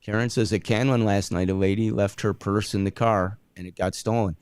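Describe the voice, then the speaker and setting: A man's voice: fairly low pitch, fairly even intonation, brisk, darkish tone, clean tone, dry recording. A man co-hosting a casual hockey podcast, chatting and giving folksy tips to listeners. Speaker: podcast co-host. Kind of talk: casual chat.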